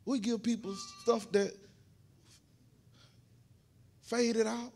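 A man preaching a sermon in a church, repeating his words as he goes and swelling into shouted preaching. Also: very high-pitched, flat delivery, measured pace, gravelly. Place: church sanctuary.

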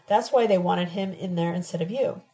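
A woman's voice: fairly low pitch, moderate pace, dark tone, natural voice. A woman reading the lines of a fed-up young male student who speaks bluntly and bitterly in a recorded book reading.

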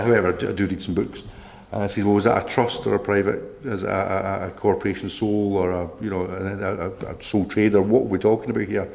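A man with a fairly low voice gives a talk to a local group. He is indignant and rambling, doubling back on his words and reading out bits of letters between his complaints. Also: gravelly, darkish tone. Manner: indignant, rambling, repeats himself, reads letters aloud. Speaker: presenter.

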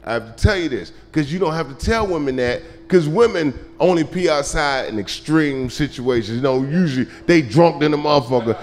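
A male stand-up comedian telling a profane story on stage, shouting his punchlines. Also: fairly high pitch, animated, brisk, few pauses, big-room sound. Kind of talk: live stand-up set. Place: comedy club stage with audience laughter. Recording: live club recording with audience noise.

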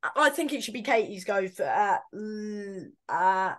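A woman's voice: mid-range voice, lively intonation, a little slow. A woman co-hosting a casual boxing predictions chat, talking in a hesitant way with frequent fillers and self-corrections. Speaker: boxing pundit co-host.

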